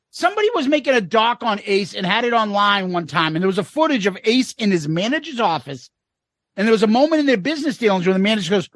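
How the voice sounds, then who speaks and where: A man's voice: very high voice, big pitch swings, brisk, fairly bright tone, dry recording. A man co-hosting a casual podcast, reading listener comments aloud with wry asides.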